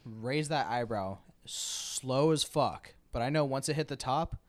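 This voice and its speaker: A man's voice: mid-range voice, lively intonation, a little slow. A man in casual chat, blunt and profane, laughing often.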